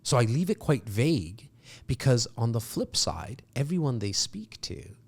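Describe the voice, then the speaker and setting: A man's voice: medium pitch, unhurried, vocal fry, slightly rough. A man in his fifties, a sales coach, talking emphatically to an audience and acting out what clients think. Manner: animated, emphatic, acts out clients' thoughts. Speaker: real estate sales coach.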